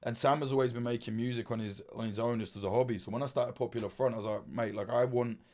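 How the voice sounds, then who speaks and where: A man's voice: mid-range voice, steady tone, racing, a little mellow. Rambling, swearing man. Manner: rambling, swears freely, many fillers and restarts. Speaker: livestream host. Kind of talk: casual livestream chat.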